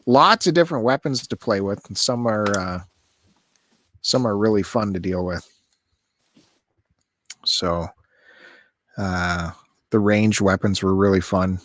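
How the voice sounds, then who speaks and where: A man's voice: fairly low pitch, unhurried, long pauses, fairly bright tone, no echo. A man co-hosting a podcast over a call, chatting casually in a joking, sarcastic way. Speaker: podcast co-host.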